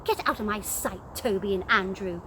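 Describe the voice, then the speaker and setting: A woman's voice: medium pitch, normal speed, noisy background, voice pushed down, close to an everyday voice. A woman voicing a determined young noblewoman, commanding with some and tender with others, in a storybook telling.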